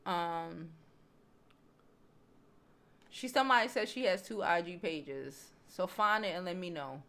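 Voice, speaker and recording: A woman hosting a casual celebrity gossip chat, blunt and profane, reading viewer comments and talking straight to her audience, calling them "child" and "y'all". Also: a little slow. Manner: swings between loud animated bursts and low near-murmurs. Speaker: host. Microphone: home streaming setup, waiting on new mics.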